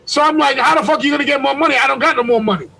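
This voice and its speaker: High, gravelly man telling a heated story. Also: very fast, poor audio. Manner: profane, animated storytelling, shouts when reenacting. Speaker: storyteller on a group video call. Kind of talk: casual chat. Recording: video call audio.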